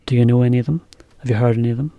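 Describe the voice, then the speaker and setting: A man teaching English in a relaxed, chatty video lesson, explaining as he goes. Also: mid-range voice, racing, no room sound, lo-fi sound.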